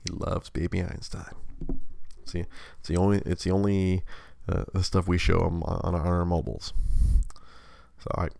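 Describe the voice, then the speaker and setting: Man in his thirties, very low gravelly voice, dry close sound; livestream host rambling through a parenting anecdote. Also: flat delivery, moderate pace, darkish tone, dry recording. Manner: rambling, self-mocking, many restarts and laughs. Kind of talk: casual storytelling chat.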